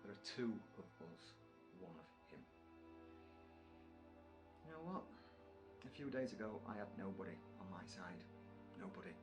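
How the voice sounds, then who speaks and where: A man's voice: on the low side, very animated, normal speed, long pauses. An actor playing a desperate, short-tempered father in a game who snaps and then apologizes. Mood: determined. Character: desperate, short-tempered father whose children were taken. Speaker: game character. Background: game music.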